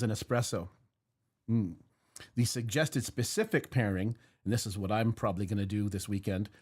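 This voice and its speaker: Man, casual host, rambling, jokey, mid-pitched voice. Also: a little mellow. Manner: jokey and rambling, with fillers and laughs. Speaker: podcast host. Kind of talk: casual chat. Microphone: headphones and mic.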